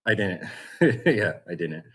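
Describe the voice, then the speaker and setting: Male guest; animated storyteller who does voices of people in his story. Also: sits low, takes it slowly, slightly rough. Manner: animated storyteller, acts out voices, laughs often. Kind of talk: storytelling interview.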